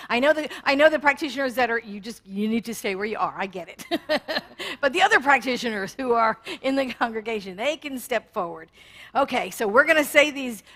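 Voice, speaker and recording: A woman's voice: a little high, fairly bright tone. A woman minister leading her congregation in affirmations, enthusiastic and encouraging, in a church sanctuary.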